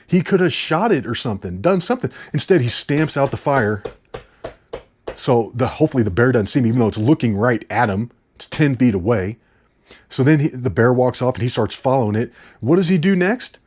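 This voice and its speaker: Man, movie reviewer, casual rant, incredulous, animated pitch. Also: husky. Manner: exasperated, incredulous, swears casually.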